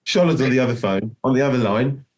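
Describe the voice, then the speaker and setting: Talking fast in a medium-pitched, slightly mellow voice, a middle-aged guest musician rambles through a long story in a casual interview, restarting often and adding "do you know what I mean."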